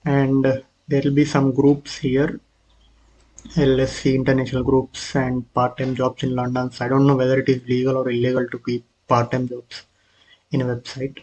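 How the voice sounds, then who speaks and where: A man's voice: medium pitch, monotone, moderate pace, a little mellow, muffled recording. A man casually walking through his own app prototype, hesitant, with frequent fillers and restarts. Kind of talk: casual screen walkthrough.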